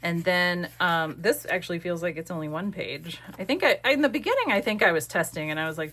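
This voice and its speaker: A woman's voice: on the low side, expressive, brisk, hardly any pauses, fairly bright tone. Chatty woman rambling over crafts. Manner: rambling, chatty, with many fillers. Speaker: crafting vlogger. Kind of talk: casual crafting vlog chat.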